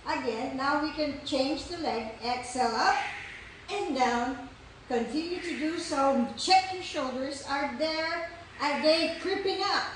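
A woman fitness instructor leading a core workout, counting breaths and cheering with loud whoops. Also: sits high, measured pace, distant mic, a little hiss or hum. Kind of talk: guided core workout class. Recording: echoey room, voice from off-mic.

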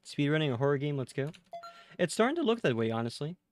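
A man live-streaming a horror game, chatting with his viewers, tired after a night with little sleep, and jumping to loud excitement at the scares. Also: fairly high pitch, fast, soft background music.

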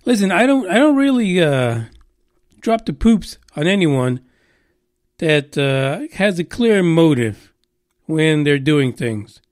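A high-voiced man rants through a podcast monologue, swearing freely and sarcastic, full of ums and restarts. His voice sounds close and dry, with no room around it. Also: very animated, slow pace, no echo. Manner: profane, sarcastic, rambling with many fillers. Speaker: podcast host.

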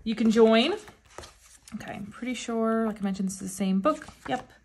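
A woman vlogger unboxing albums in a casual chat, gushing and often gasping with excitement. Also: fairly high pitch, normal speed, background noise. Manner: gushing, with frequent excited gasps.

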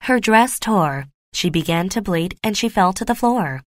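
A woman narrating a graded reader audiobook in a clear, steady, measured way. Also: mid-range voice, no room sound, studio quality.

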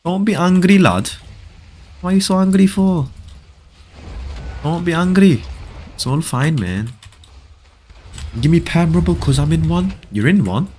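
Lively young man streaming games. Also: a little high, measured pace, long pauses. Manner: joking banter, teasing viewers, frequent laughs. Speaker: game streamer. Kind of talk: live gameplay stream, reading chat aloud.

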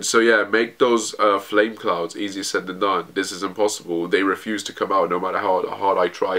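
A man's voice: low voice, fairly bright tone. A man giving a casual manga chapter review, rambling with lots of fillers and self-corrections.

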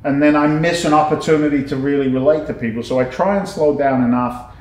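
A middle-aged man in a casual interview, an animated, slangy storyteller. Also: on the high side, fast. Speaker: guest, business owner. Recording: echoey room.

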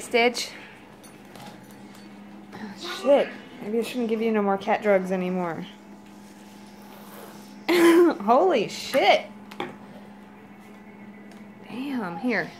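A woman's voice: medium pitch, animated, slow, long pauses. A woman chatting casually to her cats at home, laughing, teasing and swearing as she films them. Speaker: cat owner filming her pets. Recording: noisy home video.

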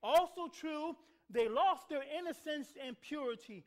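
A male pastor delivers a sermon in a church sanctuary. His voice sits very high and moves a lot, rising and falling. He keeps asking the congregation to answer back and doubles up his words for emphasis. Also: lively intonation, measured pace. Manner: call-and-response with the congregation, repeats words for emphasis.

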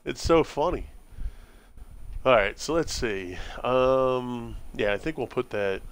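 A man's voice: mid-range voice, animated, slow pace, clear, resonant tone. An American man streaming a building game live, chatting casually with his viewers and friends and laughing often. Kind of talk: casual chat while gaming.

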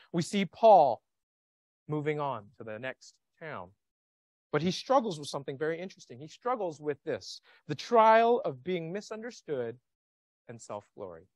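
Animated male pastor preaching. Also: fairly high pitch, dry recording. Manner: animated, questioning the congregation. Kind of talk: sermon. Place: church sanctuary.

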